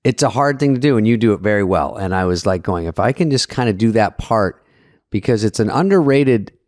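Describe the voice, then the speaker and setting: A man's voice: fairly low pitch, animated, brisk, darkish tone, dry recording, studio quality. A middle-aged man co-hosting a podcast, telling a story in a self-mocking way and swearing freely. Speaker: podcast co-host. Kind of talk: casual chat, storytelling.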